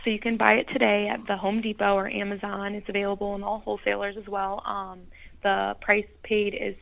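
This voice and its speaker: A woman guest on a radio home show, calmly explaining how a product works. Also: mid-range voice, fairly quick, gravelly. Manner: explanatory, steady product talk. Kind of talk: radio interview. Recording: phone-line sound.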